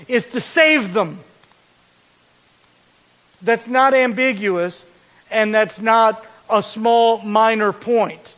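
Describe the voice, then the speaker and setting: A man preaching a sermon as pastor, explaining a verse with deliberate, emphatic repetition. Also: very high-pitched, fairly bright tone, low-quality recording.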